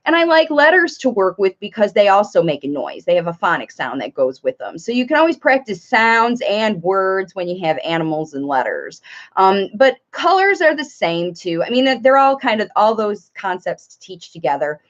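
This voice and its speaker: A woman speech therapist and parent coach giving live Q&A advice, talking in an animated way and breaking into playful sing-song examples. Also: medium pitch, moderate pace. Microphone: live stream. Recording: dull lo-fi livestream audio.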